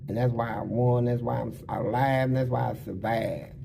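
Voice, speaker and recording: Mid-pitched man, casual storyteller, blunt and animated, faint background noise. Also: moderate pace, creaky. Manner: animated, blunt, slips into voices. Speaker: interviewee.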